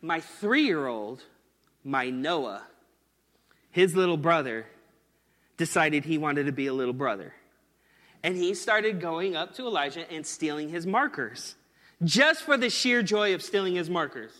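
A male pastor in his thirties delivers a sermon with a high, bright, forceful voice. He talks in an earnest, conversational way. A long reverb trails his words through a large hall. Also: lively intonation, unhurried.

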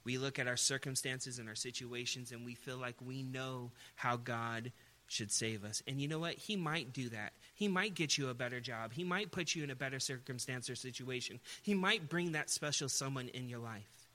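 A man's voice: mid-range voice, normal speed, sharp tone. A man preaching a sermon in an emphatic way, often putting rhetorical questions to his listeners.

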